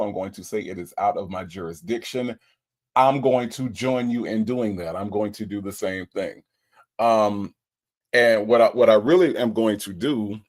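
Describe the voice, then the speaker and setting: Man, livestream host, low voice, lively swings in pitch, casual chat. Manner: animated, lively, playful with repeated greetings.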